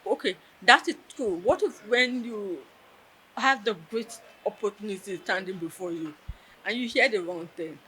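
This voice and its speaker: A woman's voice: mid-range voice, moderate pace, sharp tone, slight background noise, poor audio. A woman telling a personal story in an interview, earnest and emotional, close to tears. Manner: earnest, emotional, tells with quoted dialogue.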